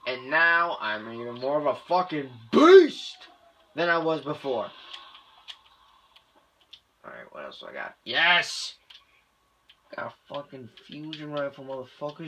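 Excitable young gamer, bright lively voice. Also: mid-range voice, measured pace, pauses often, a little hiss or hum. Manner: excitable, loud outbursts, heavy swearing. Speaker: gamer playing through a shooter. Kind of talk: let's play commentary.

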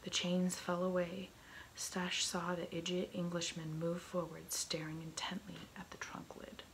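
A woman reading a novel aloud in soft, slow whispered role-play, close to an ASMR microphone. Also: on the low side, monotone, poor audio. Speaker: ASMR reader. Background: faint heater hum.

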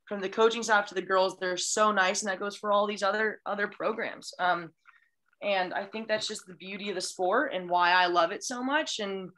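A woman's voice: mid-range voice, normal speed, fairly bright tone. A young woman, a college beach volleyball player, chatting as a podcast guest in a gushing, enthusiastic way with many restarts. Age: young adult. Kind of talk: casual chat.

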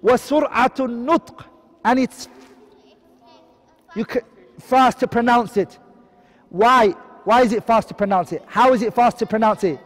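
His voice very high and his pace brisk, a man teaches tajweed in an online lesson, rattling off Arabic terms and explaining them in English. He quizzes constantly, posing questions he answers himself, while a long reverb rings around his voice.

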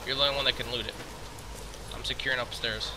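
A man hosting a gameplay video, narrating casually and making quick, swearing callouts to his team. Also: mid-range voice, fairly even intonation, background noise. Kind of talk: gameplay commentary and team voice chat.

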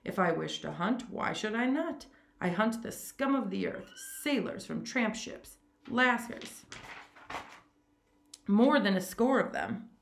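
A woman reading a story aloud, voicing a suave, cruel older male aristocrat with a smooth, amused, condescending manner. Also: medium pitch, animated, slow pace, echoey room, voice pushed up.

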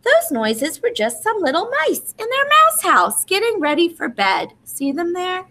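A woman's voice: extremely high pitch, wildly swooping pitch, measured pace, sharp tone, voice pushed up, full character voice. A woman doing a soothing big brother bear. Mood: reassuring. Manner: soothing and explanatory. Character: calm, reassuring older brother bear. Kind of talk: children's storybook reading.

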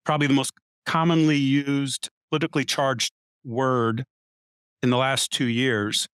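A man's voice: medium pitch, little pitch movement, a little slow, fairly bright tone, clean tone, dry recording, studio quality. A man in a casual panel debate, arguing his point insistently and reeling off statistics. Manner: argumentative, cites statistics. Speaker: panel guest.

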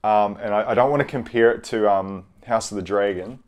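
A young man giving a casual, rambling review, hesitant and low-key, with frequent pauses and restarts. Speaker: video reviewer.

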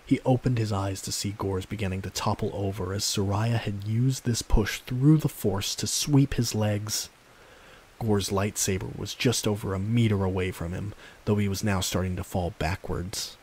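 A man narrating a fan story in a calm, steady storytelling manner. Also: fairly low pitch, normal speed, husky. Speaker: audiobook narrator.

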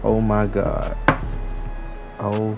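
A young man giving slangy, excitable trash-talk commentary over his own basketball video game play. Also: lowish voice, extremely slow, creaky, soft background music, low-quality recording. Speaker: gaming YouTuber. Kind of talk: live gameplay commentary.

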